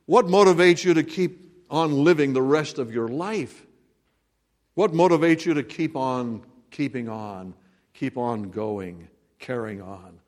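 A man preaching a sermon, earnest and direct, who acts out the voices of people in the scripture and puts pointed questions to his listeners. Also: medium pitch. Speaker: pastor.

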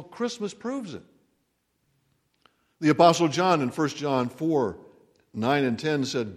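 Male pastor, mid-pitched, unhurried dramatic sermon delivery, church hall reverb. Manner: slow, dramatic preaching that swells to emphatic peaks. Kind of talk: Christmas sermon. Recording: long reverb of a large hall.

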